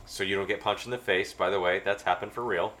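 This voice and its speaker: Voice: low voice, fairly even intonation, fast, a bit bright. A podcast co-host in casual chat, making dry teasing remarks.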